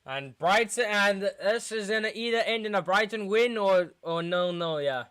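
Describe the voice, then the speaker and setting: A young man streaming a football watchalong, muttering through quiet spells and yelling at big chances. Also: high voice, normal speed, clean tone, no room sound. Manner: excitable, shouts at big chances, mutters otherwise. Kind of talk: live football watchalong commentary.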